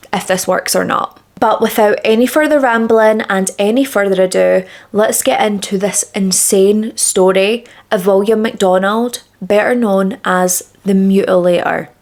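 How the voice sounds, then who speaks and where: A woman's voice: mid-range voice, fairly even intonation, measured pace, darkish tone. A woman hosting a true crime channel, telling a case in a chatty, dramatic way while doing her makeup, on a small clip-on mic. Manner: chatty, dramatic and emphatic, with repeated words. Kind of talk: casual true crime storytelling during a makeup routine. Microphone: small clip-on microphone.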